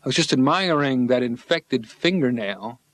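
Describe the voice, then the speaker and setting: A man's voice: mid-range voice, animated, normal speed, lightly acted. A man voicing a comedian patient who tells punchy, slangy stand-up jokes to his therapist. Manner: brash, punchy joke-telling, slangy. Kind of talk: stand-up routine.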